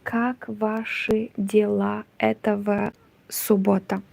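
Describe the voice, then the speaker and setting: Hushed, slow-talking woman with a gravelly edge. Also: mid-range voice, flat delivery, no echo, low-quality recording. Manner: soft-spoken, hushed half-whisper. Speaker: crochet vlogger. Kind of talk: quiet live-stream chat.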